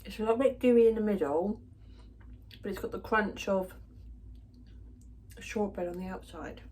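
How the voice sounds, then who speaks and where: A woman's voice: mid-range voice, moderate pace, warm tone. Woman, home vlogger, casual chatty delivery, light background hiss. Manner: chatty, self-deprecating, giggly. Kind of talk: casual chat to camera.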